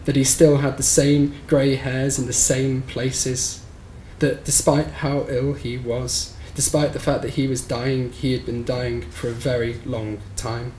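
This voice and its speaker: A man reading his own short story aloud at a live bookshop event, in a measured, somber storytelling manner. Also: medium pitch, flat delivery, mellow. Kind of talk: live reading of literary fiction. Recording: roomy live recording with faint background noise.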